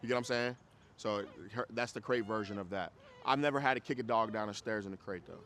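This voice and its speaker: A man's voice: on the low side, quick pace, fairly bright tone. A man with a Chicago accent teaching a dog training group class, talking casually and bluntly, swearing and checking that people follow him.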